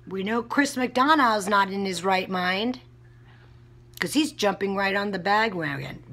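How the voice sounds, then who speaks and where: A woman's voice: fairly low pitch, bright, forceful tone. A woman vlogger ranting bluntly into the camera, heated and cursing often. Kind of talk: casual vlog rant.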